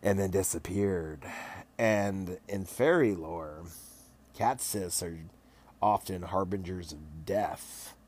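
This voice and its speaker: A man acting as game master, recapping a tabletop session in a casual, animated and profane way, laughing often. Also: low voice, takes it slowly, a little hiss or hum.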